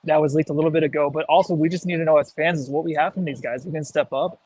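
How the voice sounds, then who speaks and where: A man's voice: on the high side, steady tone, rapid-fire, darkish tone, breathy edge, no room sound, poor audio. A man co-hosting a casual sports podcast, out of breath, easygoing and chatty. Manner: easygoing, chatty, uses "like" and "dude". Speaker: podcast co-host. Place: outdoors, walking.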